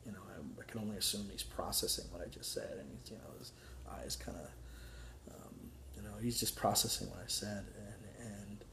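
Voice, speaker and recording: A young man telling a personal story to camera in an earnest, candid way, halting often with restarts and fillers. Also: lowish voice, creaky, a bit bright, slight background noise. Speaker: vlogger telling his story.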